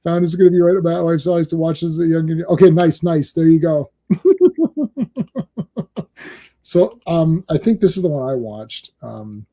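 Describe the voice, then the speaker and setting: A man's voice: on the high side, animated, unhurried, dark tone. A man hosting a live stream in casual chat, rambling, laughing often and swearing freely. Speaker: streaming show host.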